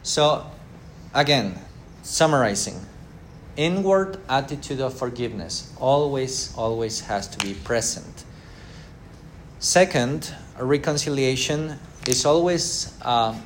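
A man teaches Bible class at church in a medium pitch, speaking haltingly with frequent fillers. He acts out ordinary quotes and questions the class, with a little hiss or hum in the recording.

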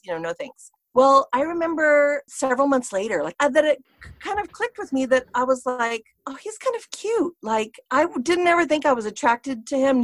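A woman's voice: fairly high pitch, dry recording. A middle-aged woman, a guest in a casual interview, telling personal stories in a chatty way, full of fillers and quoting herself.

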